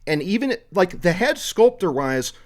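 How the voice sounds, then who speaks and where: A man co-hosting a casual true-crime podcast, telling the story in an animated, profane way. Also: sits high, moderate pace. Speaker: podcast co-host.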